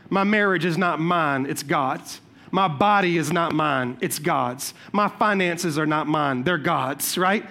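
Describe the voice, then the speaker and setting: A man preaching a sermon as pastor, telling personal stories in an animated, conversational and humorous way. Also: fairly high pitch. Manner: repeats "watch this" to cue points.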